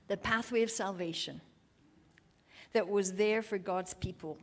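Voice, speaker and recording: A woman preaching to a women's gathering, reading scripture passages aloud and then urging her listeners on, clearing her throat now and then. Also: mid-range voice, fairly even intonation, moderate pace. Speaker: women's ministry speaker.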